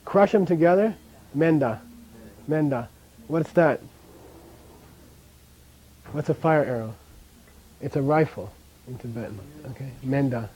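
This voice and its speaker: A man teaching a language class, drilling pronunciation by repeating sounds and checking in with the students, his voice often dropping quiet at the ends of phrases. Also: a little high, lively intonation, measured pace, long pauses, husky, rough recording.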